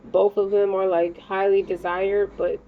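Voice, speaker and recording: A woman's voice: mid-range voice, flat delivery, measured pace. A woman giving a casual tarot reading, rambling, slangy and profane, talking straight to the listener. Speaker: tarot reader. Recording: dull lo-fi sound with faint noise.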